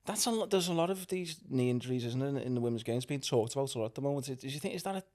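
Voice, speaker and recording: A man hosting a casual interview, asking quick friendly questions with quips. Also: medium pitch, expressive, a little mellow. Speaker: podcast host.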